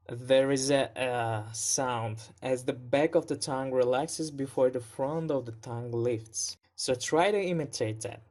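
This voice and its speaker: A male English pronunciation teacher recording an online lesson. He speaks slowly and deliberately in a mid-range voice, repeating each sound several times to demonstrate it. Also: mid-range voice, a little mellow.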